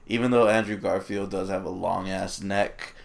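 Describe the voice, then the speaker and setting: A man's voice: low-pitched, steady tone, normal speed, creaky. A man co-hosting a casual chat, laid-back and wisecracking, laughing often. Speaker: podcast co-host.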